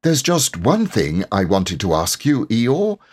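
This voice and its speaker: Storybook rabbit, as a man puts him on: brisk, self-important, slightly raised, lively. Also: fairly low pitch, voice pushed up, exaggerated voice.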